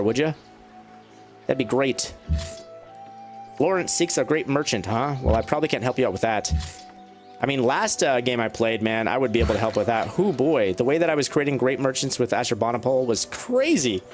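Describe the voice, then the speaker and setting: In casual gameplay commentary, a male let's-play gamer of middling pitch chats his way through a strategy game, joking with his units as if they're listening. Faint music from the game plays in the background, and his voice shoots up whenever he gets excited.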